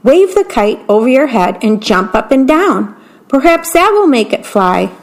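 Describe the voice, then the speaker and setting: A patient, cheerful male frog from a children's storybook, read aloud by a woman. He talks slowly and steadily, with a lightly raised pitch. It is gentle bedtime story reading for radio. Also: big pitch swings, full character voice. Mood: encouraging.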